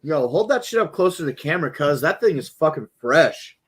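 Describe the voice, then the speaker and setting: A man's voice: fairly high pitch, expressive, brisk, slightly rough. A man hosting a casual livestream at home, joking and swearing loosely. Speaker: livestream host.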